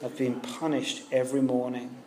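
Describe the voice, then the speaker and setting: A man's voice: medium pitch, flat delivery, normal speed, mellow. A British man preaching a sermon in a conversational way, asking his listeners rhetorical questions. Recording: echoey room with faint ambience.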